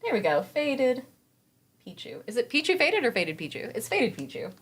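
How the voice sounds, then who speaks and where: A woman's voice: fairly high pitch, big pitch swings, normal speed, breathy edge. A woman streaming a game, chatting casually with her viewers and swearing freely.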